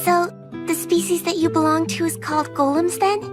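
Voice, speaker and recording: A very high-pitched young witch, polite and earnest and quick to get flustered. She speaks like an anime heroine in an English dub. Soft soundtrack music plays under her. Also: steady tone.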